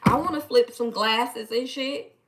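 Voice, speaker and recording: Woman goin live, bright voice, a bit high, playful and chatty with her viewers. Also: a little slow. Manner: animated, playful, chatty, talks back to viewers. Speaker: live-stream host reading viewer comments. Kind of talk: casual live-stream chat.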